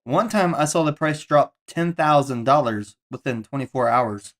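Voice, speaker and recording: A man's voice: medium pitch, normal speed. A man streaming live, talking casually and asking questions with a dry, wry manner. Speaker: streamer and crypto trader.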